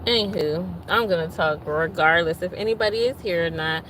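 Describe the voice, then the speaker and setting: A woman's voice: on the low side, fairly quick, a bit bright, slight background noise, poor audio. A woman hosting a casual livestream, chatting and venting while greeting viewers by name. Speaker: livestream host.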